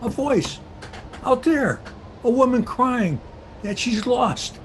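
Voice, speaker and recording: A man playing a polite, skeptical gentleman traveler lost on the moors in an old-time radio drama. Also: very high-pitched, lively intonation, takes it slowly, a little hiss or hum, heavily acted. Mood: alarmed. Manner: polite, well-spoken. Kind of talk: 1930s-style radio drama acting.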